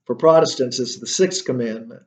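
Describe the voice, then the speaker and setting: A man's voice: mid-range voice, moderate pace. A male instructor giving a literature lecture, thinking aloud with many fillers and rhetorical questions.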